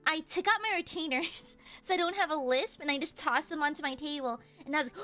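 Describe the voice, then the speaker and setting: A woman's voice: very high voice, big pitch swings, unhurried, hardly any pauses, a bit bright. A young woman livestreamer chatting casually and reading donations, bubbly and giggly, cursing freely.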